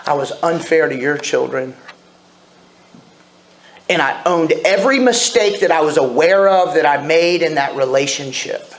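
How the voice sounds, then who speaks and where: A man's voice: on the high side, lively intonation, moderate pace. Candid man telling his recovery story. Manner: candid storytelling, self-deprecating. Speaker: AA speaker. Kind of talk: recovery meeting share. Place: meeting room. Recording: echoey room with faint ambience.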